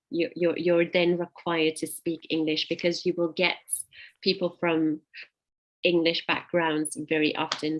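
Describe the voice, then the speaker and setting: South African woman, chatty and low-pitched. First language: Afrikaans. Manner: chatty, with frequent fillers and restarts. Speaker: interview guest. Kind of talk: casual conversational interview.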